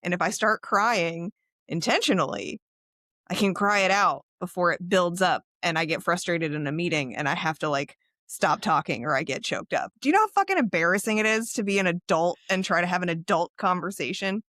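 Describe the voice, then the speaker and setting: A woman's voice: lowish voice, a little fast, fairly bright tone, no room sound, studio quality. A woman co-hosting a podcast in casual chat, candid and laughing often, swearing freely. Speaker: podcast co-host.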